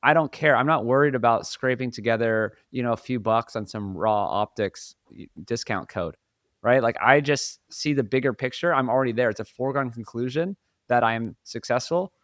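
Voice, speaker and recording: A man's voice: medium pitch, normal speed, fairly bright tone, no echo. Man, podcast co-host, earnest, laughs easily, casual chat, dry sound.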